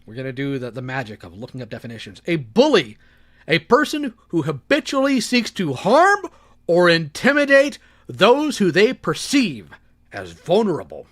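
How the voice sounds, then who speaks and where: Guy youtuber ranting casually, kinda high voice, swings up and down a lot, sarcastic. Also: moderate pace. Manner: sarcastic, lively, talks while working the computer. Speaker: toy commentary YouTuber. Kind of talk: casual commentary.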